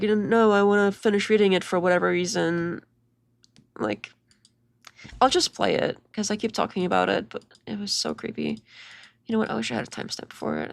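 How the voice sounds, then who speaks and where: A woman's voice: lowish voice, gravelly, no room sound. A young woman hosting a casual commentary video, chatty and mocking, talking over clips with lots of "like" and restarts.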